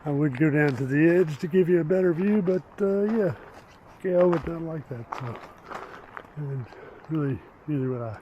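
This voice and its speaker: An older man narrating his own hike on a rocky desert trail, talking slowly with pauses and fillers, breathing hard and joking about himself. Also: a little high, muffled recording, noisy background. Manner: slow, unhurried, self-deprecating, with many pauses and fillers. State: out of breath from hiking. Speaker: hiking vlogger. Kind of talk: casual hiking vlog narration. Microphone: handheld or body camera mic while walking.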